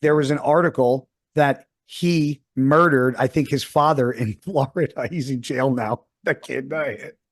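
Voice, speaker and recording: Profane, animated man in his forties. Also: medium pitch, normal speed, hardly any pauses. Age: 40s. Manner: heavily profane, animated storytelling. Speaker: podcast co-host. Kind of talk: casual storytelling chat.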